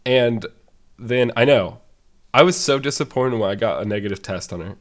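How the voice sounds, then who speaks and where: A man's voice: medium pitch, lively intonation, moderate pace. Sick, sarcastic male podcast co-host. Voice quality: sarcastic, exaggerated. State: sick and congested. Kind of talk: casual ranting chat.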